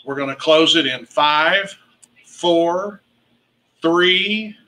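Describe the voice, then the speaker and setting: An excitable man calls a charity auction, rattling off rising bids and cheering on the bidders. His voice sits high for a man and rings bright and sharp. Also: drawn-out words, rough recording. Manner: calls rising bid amounts.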